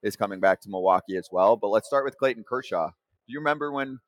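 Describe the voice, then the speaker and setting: Man, low voice, dry close sound, upbeat podcast host, sports talk. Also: quick pace, no room sound. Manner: excited, laughs easily.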